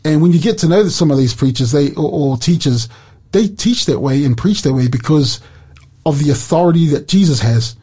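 Husky-voiced man teaching the Bible. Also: fairly high pitch, moderate pace. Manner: earnest and animated, quotes scripture with emphasis. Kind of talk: Bible study chat on Christian radio.

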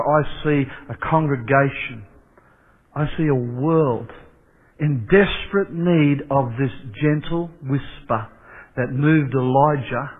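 A man preaches at an unhurried pace, pressing his listeners with repeated questions. His voice sits a little high. The sound is narrow and tinny, like a radio broadcast heard over a phone line. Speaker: pastor. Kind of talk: sermon.

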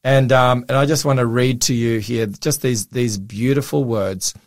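A man, a pastor co-hosting a Bible study talk show, explaining scripture earnestly with a slightly croaky voice. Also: mid-range voice, fairly even intonation, moderate pace. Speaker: pastor, co-host.

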